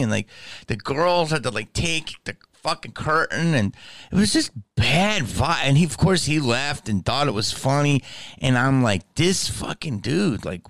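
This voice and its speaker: A man's voice: fairly high pitch, fairly bright tone, dry recording, studio quality. A man hosting a podcast, ranting in a profane, emphatic way and often asking "okay?". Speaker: podcast host. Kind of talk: casual ranting monologue.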